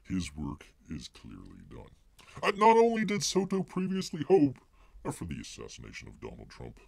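A man hosting a rambling live-stream commentary, his pitch leaping and dropping all over the place. He mocks his targets, stumbles through constant filler words and refers to himself in the third person. The sound is close and dry. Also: wildly swooping pitch, normal speed, creaky, darkish tone, breathy edge, no room sound. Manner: heavy filler words and restarts.

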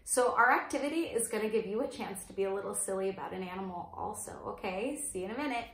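A woman teacher reading a picture book aloud to young children in a slow, sing-song storytime voice, stopping to ask them questions. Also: mid-range voice, a bit bright, roomy sound. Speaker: preschool teacher.

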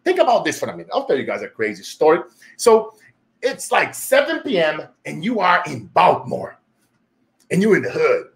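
A man's voice: on the high side, moderate pace, creaky. A man from Brazil with a Brazilian Portuguese accent, hosting his own show and telling a motivational story with emphatic energy and frequent laughs. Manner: animated, laughing often, emphatic. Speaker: show host.

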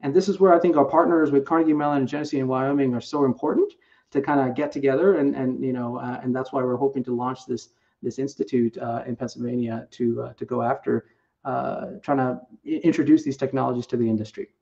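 Halting man presenting on a panel. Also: mid-range voice, steady tone, creaky, a little mellow. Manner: halting, many restarts and fillers. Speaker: panelist presenting for a rail technology company. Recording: muffled, distant remote audio.

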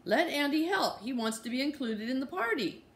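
A woman voicing a patient mother of two boys, gentle but firm. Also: high-pitched, big pitch swings, moderate pace, a little hiss or hum, voice pushed up. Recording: roomy echo.

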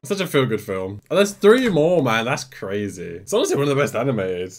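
A young man casually reacting to an animated film, chatty and laughing often, with the film soundtrack behind. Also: medium pitch, brisk, over loud music. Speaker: movie reaction host.

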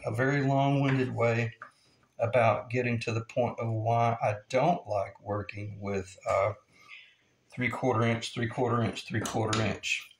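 A man's voice: medium pitch, steady tone, a little slow, background noise. Rambling man teaching in an echoey shop. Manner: rambling, repeats himself, talks while working. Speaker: guitar builder teaching. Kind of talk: casual workshop demonstration. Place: workshop. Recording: echoey workshop room.

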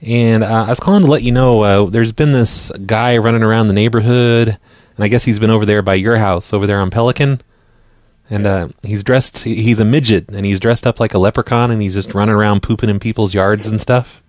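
A man hosting a live radio show and making prank phone calls, speaking deadpan and often stumbling over his words. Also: on the low side, fairly quick, dry recording, studio quality. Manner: deadpan, stammers and repeats words. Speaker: prank-call radio host.

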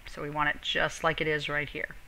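A woman's voice: low-pitched, completely flat delivery, brisk, creaky, bright, forceful tone, rough recording. A teacher, a woman, giving a step-by-step screen-recorded tutorial and speaking directly to her students.

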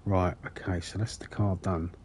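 Low, mellow-voiced man chatting on stream. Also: flat delivery, normal speed, husky. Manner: joking, rambling, swears often, laughs at his own jokes. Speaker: gaming livestreamer. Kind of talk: casual livestream chat while playing.

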